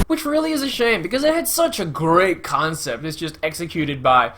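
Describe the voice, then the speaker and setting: A young man giving a casual, sarcastic movie review, acting out quotes in sudden shouts. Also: on the high side, animated, moderate pace, few pauses, a little hiss or hum.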